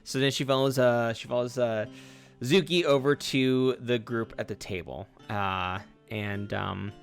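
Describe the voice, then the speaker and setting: A man's voice: medium pitch, measured pace, gravelly, soft background music. A man narrating a tabletop game as game master, in a casual, rambling way.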